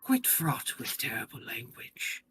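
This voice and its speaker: A man voicing a young male lord who speaks calmly and smoothly. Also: medium pitch, unhurried, a little hiss or hum. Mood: amused. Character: smiling young male lord, calm and courtly.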